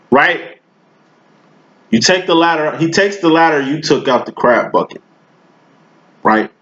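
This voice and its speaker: A man's voice: on the high side, lively intonation, slow pace, long pauses, a bit bright. Man giving a slangy tarot reading. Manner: loose, slangy and profane, with rambling analogies. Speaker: tarot reader. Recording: roomy, dull lo-fi recording.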